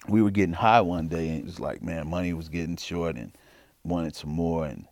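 Man, from chicago, middle-aged, very deep voice, dry close sound, halting informal testimony. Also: creaky, a little mellow, dry recording. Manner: halting, informal, many "you know" and "man" fillers. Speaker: interviewee. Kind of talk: personal testimony.

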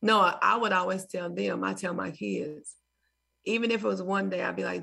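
A woman's voice: mid-range voice, steady tone, normal speed, vocal fry, sharp tone, slightly rough. A woman in her forties, a mother interviewed as a guest, telling stories and acting out phone calls with laughter.

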